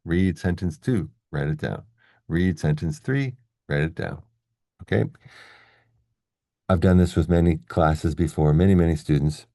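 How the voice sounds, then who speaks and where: A man's voice: sits low, unhurried, pauses often, dark tone, no room sound, clean studio sound. A man teaching an English lesson on video, explaining step by step and checking in with "okay?" and "right?". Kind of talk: classroom-style video lesson.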